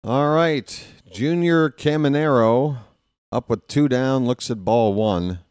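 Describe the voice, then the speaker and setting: A man's voice: mid-range voice, slow pace, smooth, dry recording, studio quality. Chatty American man calling baseball. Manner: chatty, talks to himself, excitable bursts. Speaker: play-by-play commentator. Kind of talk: casual live fan play-by-play.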